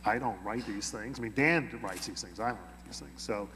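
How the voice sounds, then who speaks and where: A man being interviewed, telling an anecdote in a lively way and acting out the quoted dialogue. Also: fairly low pitch, brisk, in a large hall, slight background noise. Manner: animated, acts out quoted dialogue. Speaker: interview guest. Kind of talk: anecdotal storytelling.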